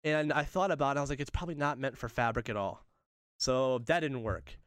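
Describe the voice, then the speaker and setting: A young man telling a funny story in casual chat, animated and laughing often, acting out the voices of the people in it. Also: medium pitch, fast talker, clean tone, dry recording, studio quality.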